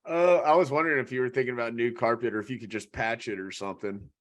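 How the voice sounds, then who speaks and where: A man co-hosting a podcast, chiming in with quick questions and laughing often in casual chat. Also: medium pitch. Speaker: podcast co-host.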